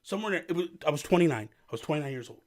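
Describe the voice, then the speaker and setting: A man in his thirties hosting his own channel, chatting casually in a loud, joking, self-mocking way. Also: on the high side, lively intonation, very fast. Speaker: channel host. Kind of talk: casual rambling chat. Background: faint background music.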